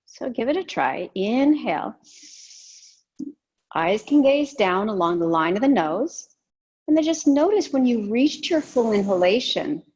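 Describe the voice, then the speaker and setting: A woman teaching a yoga and breathing class, giving calm, gentle cues with soft pauses. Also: on the high side, breathy edge, muffled recording. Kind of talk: guided yoga and breathing instruction.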